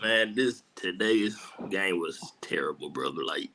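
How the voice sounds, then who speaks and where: A man's voice: sits low, expressive, a little slow, vocal fry, noisy background. A man giving casual, frustrated football analysis in a plain-spoken way. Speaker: co-host analyst. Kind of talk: casual sports talk.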